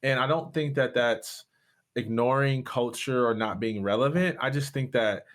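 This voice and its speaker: A man's voice: mid-range voice, moderate pace, fairly bright tone. Impassioned man telling his story. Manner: impassioned, voice rising sharply at peaks. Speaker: guest, pastor and speaker. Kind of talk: storytelling interview.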